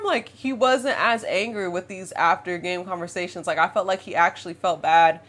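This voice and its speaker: A woman in her twenties telling a dating story as a casual storytime vlog, chatty and animated, often laughing and calling her viewers y'all and girl. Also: mid-range voice, brisk. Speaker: vlogger.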